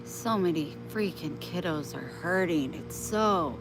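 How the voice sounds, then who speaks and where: A woman's voice: fairly low pitch, unhurried, hardly any pauses, faint music behind, poor audio. A woman chatting on a casual live stream, talking kindly and motherly to her viewers and her pets.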